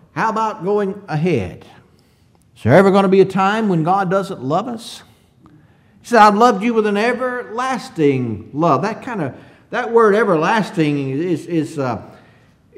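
A man preaching a conversational sermon. He asks the congregation rhetorical questions and reads scripture slowly. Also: high voice.

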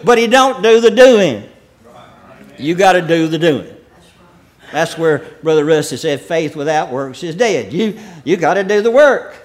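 A man with a high voice preaches a sermon. He reads scripture slowly and then explains it in plain, folksy talk. He often clears his throat and chuckles softly between points.

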